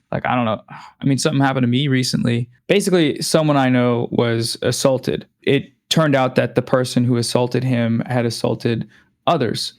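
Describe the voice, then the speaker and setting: A man appearing as a guest, talking in an earnest, reflective, somewhat halting way in casual conversation. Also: medium pitch, darkish tone.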